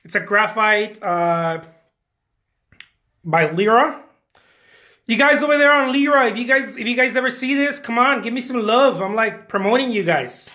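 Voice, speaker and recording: A chatty man with a fairly high, bright voice talks through an art demonstration. He jokes and boasts in a playful, self-mocking way. The sound rings a little in an echoey studio room. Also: normal speed. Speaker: artist hosting a drawing demo.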